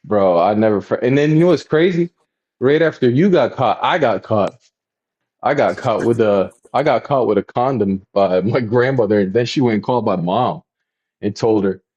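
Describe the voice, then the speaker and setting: A man's voice: normal speed, dull audio. A man in his thirties co-hosting a podcast, telling stories in casual chat and acting out quotes. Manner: animated, acts out quotes in high voices. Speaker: podcast co-host.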